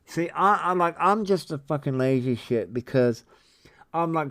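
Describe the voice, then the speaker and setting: A man in his forties hosts a relaxed livestream, answering viewer comments as he rambles. His voice is smooth and clean, and he takes his time between swear-laden, disbelieving asides. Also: fairly high pitch, measured pace. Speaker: livestream host. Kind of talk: casual livestream chat reading viewer comments.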